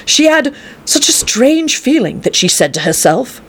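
Lively woman reading a fairy tale. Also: high-pitched, a little slow, husky. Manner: lively, expressive read-aloud. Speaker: storyteller.

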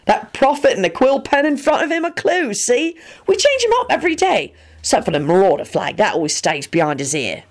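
Sirius, a woman doing a loud cheeky young man. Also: a little high, big pitch swings, brisk, few pauses, pitched above the performer's own voice. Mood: cocky. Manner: loud, mocking, sing-song. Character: brash cheeky young man, rowdy joker.

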